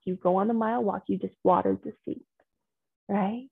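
A woman coach speaks to a group over a video call, affirming and encouraging them and calling them by pet names. Her voice has a gravelly, husky texture. The sound is thin and phone-like, with a dry, close feel. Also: mid-range voice, big pitch swings, normal speed, no room sound. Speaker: transformational coach.

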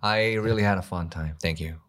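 A man's voice: deep voice, fairly quick, a bit bright. A man who grew up in Mexico, a guest comedian chatting casually and searching for his words. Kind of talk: casual podcast chat.

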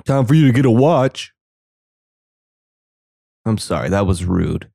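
Low-voiced young man joking through a movie. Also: lively intonation, unhurried, creaky, mellow, no echo, clean studio sound. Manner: sarcastic, joking asides. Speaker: movie commentator. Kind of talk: casual movie reaction commentary.

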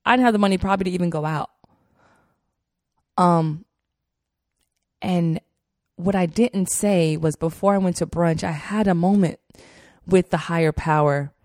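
A woman's voice: lowish voice, normal speed, long pauses, darkish tone, dry recording. A woman hosting a podcast, telling a heartfelt personal story in an earnest way, with many fillers and repeated phrases, on a close mic. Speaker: podcast host.

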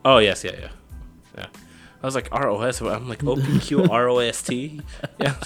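A young man co-hosting a podcast, chatting casually in slangy, excitable talk and laughing often. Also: medium pitch, normal speed, creaky, soft background music. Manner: animated, slangy, laughs a lot. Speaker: podcast co-host. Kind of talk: casual chat.

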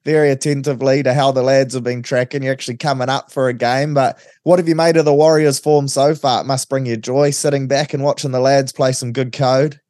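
A man hosting a sports podcast, talking in a blokey, energetic, slangy way. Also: mid-range voice, a little fast, hardly any pauses, no room sound, studio quality. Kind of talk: casual chat and sports commentary.

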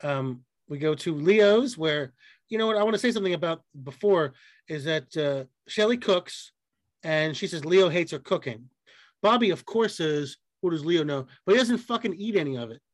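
A man co-hosting a podcast, telling profane, animated stories in casual chat and acting out the people he quotes. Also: on the high side, moderate pace, dry recording. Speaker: podcast co-host.

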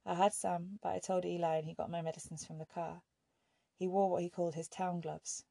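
A woman's voice: on the low side, level tone, brisk, gravelly, dry recording, clean studio sound. A woman reading a frightened teenage girl. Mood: hushed worry. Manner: soft, hesitant.

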